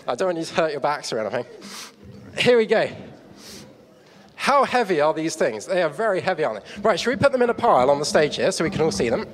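On a church hall stage, an out-of-breath man preaches a sermon in a very animated, high-ish voice, talking fast. He uses props in his story and makes chatty asides to the crowd. The recording carries long hall reverb.

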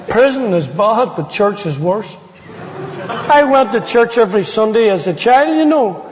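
A man's voice: sits high, very animated, unhurried, a little hiss or hum. A man with an Irish accent giving his testimony as a preacher, telling his story with humor and quoting people. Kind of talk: storytelling sermon. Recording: long hall reverb.

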